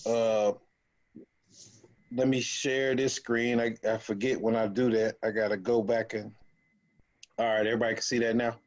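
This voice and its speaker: A man with a low-leaning, level voice leads an online options trading group, teaching casually over a screen share. He stumbles through many restarts and fillers, and the audio has its highs cut off.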